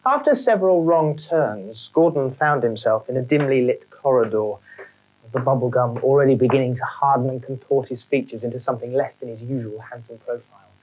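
A woman narrating a children's storybook in a wry, animated way. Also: extremely low pitch, brisk, a little hiss or hum, poor audio.

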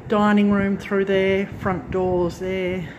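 A woman's voice: mid-range voice, level tone, takes it slowly, highs cut off, noisy background. A woman vlogger giving a casual, rambling tour of her farm lodge unit on a handheld phone, correcting herself as she goes. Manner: chatty, rambling, self-correcting. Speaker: craft channel vlogger. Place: farm lodge unit, indoors and on the back porch.

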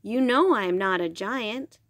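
A woman voicing a plain-spoken father in a storybook reading, speaking calmly. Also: mid-range voice, unhurried, dry recording.

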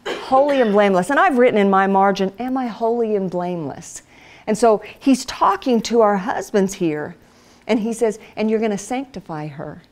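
A middle-aged woman giving a Bible teaching talk to women, telling stories and acting out voices with lively energy. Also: medium pitch, moderate pace. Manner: animated storyteller, acts out voices. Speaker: women's ministry speaker. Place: church hall.

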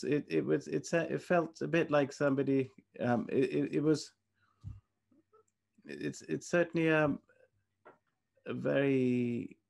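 A man hosting an online author talk, speaking haltingly with many restarts. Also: medium pitch, creaky, darkish tone. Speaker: event host.

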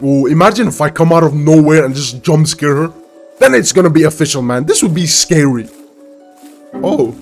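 A man hosting a reaction video, exclaiming and laughing often as he comments excitedly. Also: a little high, moderate pace, soft background music.

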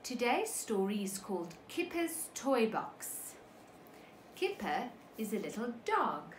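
A woman teacher reading a picture book to young children, slow and animated, stopping to ask them questions. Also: on the high side, reverberant, a little hiss or hum, poor audio. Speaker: preschool teacher.

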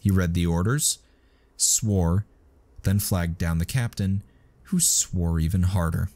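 A man reading a story aloud in a steady, scripted narration. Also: low-pitched, takes it slowly.

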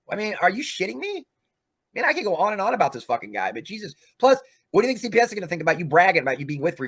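A man's voice: high voice, vocal fry, fairly bright tone, husky. A man hosting a livestream, ranting in a profane, combative way. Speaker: livestream host.

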